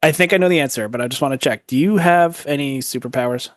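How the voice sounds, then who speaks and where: A man's voice: mid-range voice, quick pace, no room sound, clean studio sound. A man in his forties in casual podcast chat, teasing and asking playful questions. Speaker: podcast co-host.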